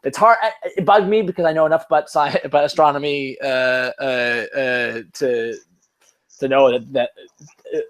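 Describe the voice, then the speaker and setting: A man's voice: mid-range voice, steady tone, moderate pace. A man from Cleveland hosting a podcast, chatting casually in a rambling, self-mocking way and laughing often. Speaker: podcast host.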